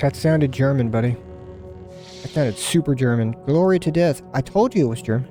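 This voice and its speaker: A man's voice: mid-range voice, fairly quick, over music. A man giving casual let's play commentary, rambling and joking at his own expense. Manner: joking, rambling, self-mocking.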